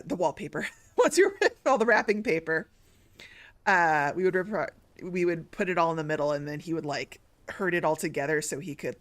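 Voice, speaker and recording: A woman's voice: low voice, fairly bright tone. A woman streaming a story game, chatting casually in a rambling way with many restarts. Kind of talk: casual live-stream chat.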